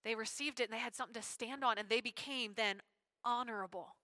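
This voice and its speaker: Animated, bright-voiced woman preaching. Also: a little high, quick pace, dry recording. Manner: animated, conversational, slangy. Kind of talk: sermon.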